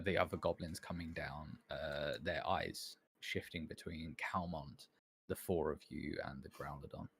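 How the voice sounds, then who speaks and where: Slow, gravelly game master narrating. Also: male voice, very deep voice, a bit bright. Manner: hesitant, many ums and restarts.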